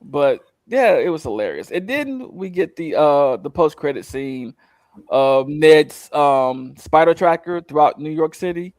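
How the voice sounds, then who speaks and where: A man co-hosting a casual podcast, rambling through an animated recap with many fillers and acted-out quotes. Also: a little high, a little slow, no echo. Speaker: co-host recapping a show.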